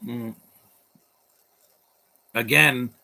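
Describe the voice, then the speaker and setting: A man's voice: mid-range voice, fairly even intonation, very slow, vocal fry, sharp tone. A man hosting a live movie commentary stream, blunt and opinionated, rambling with restarts.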